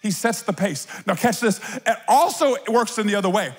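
A man preaching a lively sermon as a pastor, acting out little voices and playful asides. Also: high-pitched, brisk, slightly rough, big-room sound.

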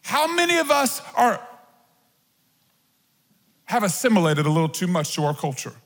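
Animated high-voiced preacher in a reverberant hall. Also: male voice, normal speed. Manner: animated, conversational preaching with asides. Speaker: pastor. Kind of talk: sermon. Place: church auditorium. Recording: long reverb of a large hall.

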